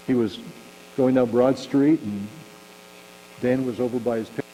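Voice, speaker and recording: A man delivers a relaxed, conversational sermon, now and then acting out little scenes to make his point. His voice rings with a long hall reverb, and a faint electrical hum sits underneath. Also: mid-range voice, a little slow. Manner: conversational, animated, acts out shouting examples. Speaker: pastor. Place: church sanctuary.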